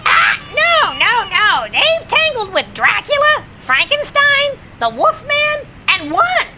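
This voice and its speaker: A woman voicing an eager, cheeky pirate crew sidekick who opens lines with a drawn-out "ah". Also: very high voice, big pitch swings, sharp tone, soft background music, exaggerated voice. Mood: excited.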